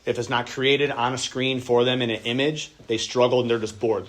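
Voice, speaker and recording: A man's voice: medium pitch, steady tone, moderate pace, hardly any pauses. A man, a pastor, teaching a church workshop on parenting in a casual, conversational way, now and then acting out the voices of kids and parents.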